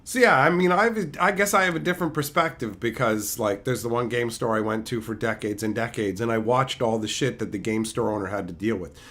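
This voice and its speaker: A man's voice: medium pitch, a little fast, hardly any pauses, fairly bright tone. A man streaming as he opens card packs, heatedly ranting and swearing as he tells a story in casual chat.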